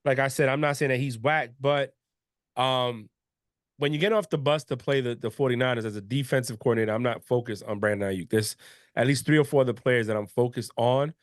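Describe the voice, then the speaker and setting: A man hosting a casual sports podcast, chatting in a relaxed, conversational way with frequent restarts. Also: mid-range voice, a little fast, no room sound, clean studio sound. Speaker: podcast host.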